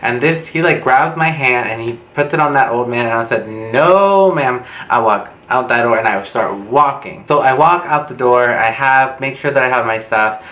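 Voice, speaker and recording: A young man telling a storytime vlog, animated and swearing, acting out what people said with big jumps in pitch. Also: normal speed, hardly any pauses. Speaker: vlogger. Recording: echoey room with faint background noise.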